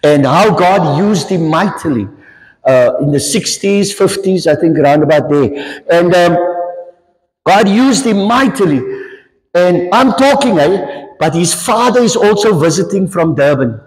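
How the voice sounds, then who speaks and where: Preacher in a reverberant hall. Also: male voice, high voice, a little slow. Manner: animated storytelling with repeated emphatic lines. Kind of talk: storytelling sermon.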